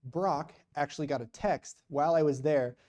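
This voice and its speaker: A man's voice: on the high side, normal speed, a little mellow. A man speaking as a missionary guest at a church, telling a story in a casual, rambling way with lots of retold conversation. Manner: rambling, retells conversations with many quotes.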